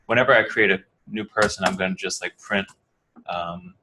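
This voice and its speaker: Against a noisy background, a lowish-voiced man from New Jersey delivers a coding bootcamp lecture at a moderate pace in American English. His style is casual and rambling, with many fillers, restarts, and questions for his students.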